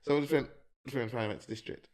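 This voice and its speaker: Man, casual podcast co-host, middle pitch, storyteller who laughs at his own tale. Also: fairly even intonation, rapid-fire, darkish tone. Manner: storytelling, laughs through punchlines. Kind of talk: casual chat.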